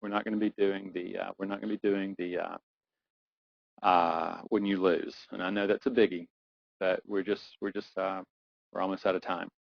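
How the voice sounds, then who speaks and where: Middle-aged male coach, guided visualization, low pitch, slow soothing repetition, muffled dry recording. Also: level tone, vocal fry, no echo. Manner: slow soothing guidance that builds to urgent intensity, repeating phrases. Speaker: performance coach.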